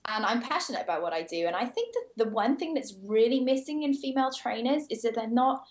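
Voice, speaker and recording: A woman's voice: fairly high pitch, animated, fast, reverberant. A woman in her thirties from the UK, with a British accent tinged with Australian, talking about her fitness work as an interview guest in an enthusiastic way. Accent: British with some Australian. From United Kingdom. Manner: enthusiastic, frequent fillers. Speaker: guest, personal trainer. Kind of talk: casual interview.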